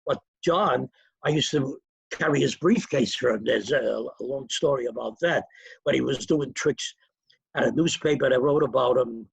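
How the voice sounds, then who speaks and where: Gravelly older man telling stories. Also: medium pitch, normal speed, dry recording, low-quality recording. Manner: animated, acts out quoted voices. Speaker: interview guest, magician. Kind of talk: anecdotal storytelling.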